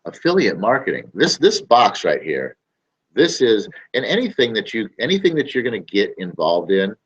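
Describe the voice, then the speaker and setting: A man's voice: fairly low pitch, wildly swooping pitch, moderate pace, slightly rough, dull audio. A man hosting a casual talk to camera, rambling and emphatic, often repeating his phrases. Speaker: show host.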